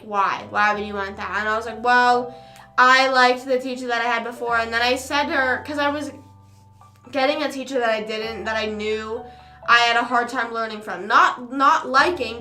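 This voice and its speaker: A woman's voice: on the high side, sharp tone, roomy sound. A young woman hosting a live stream, telling a story in casual chat full of "like" and acting out what people said. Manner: chatty, lots of "like", acts out quoted people. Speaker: livestream host.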